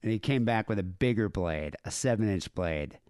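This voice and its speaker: A man's voice: on the low side, lively intonation, moderate pace, darkish tone, dry recording, studio quality. A man co-hosting a podcast, casually reading out news stories with wry asides and fillers. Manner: wry, laid-back storytelling with frequent fillers. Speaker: podcast co-host.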